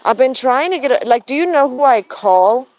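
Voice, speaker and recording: A woman's voice: high voice, expressive, normal speed, darkish tone, poor audio. A woman in her thirties who grew up in Germany as an American, chatting casually to viewers, laughing often and filling her talk with ums and restarts. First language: bilingual German and English. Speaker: backyard poultry vlogger.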